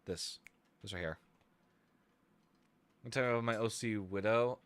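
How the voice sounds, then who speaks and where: A man streaming himself making music, chatting casually as he works, thinking out loud with hesitant restarts and sudden excited bursts. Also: on the low side, a little slow, slight background noise. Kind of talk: casual live-stream chat while producing music.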